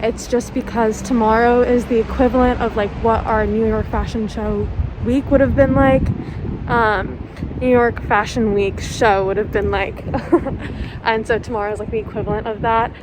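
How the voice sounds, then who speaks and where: Young woman, high voice, casual chatty vlog, loud street noise behind. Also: flat delivery, moderate pace. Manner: chatty, swears freely, laughs often. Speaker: vlogger. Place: outdoors on city streets.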